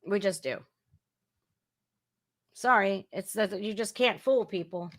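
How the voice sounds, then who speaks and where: A woman hosting a casual news commentary podcast, blunt, crude and sarcastic, swinging between loud outbursts and muttering. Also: mid-range voice, slow pace. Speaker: podcast host.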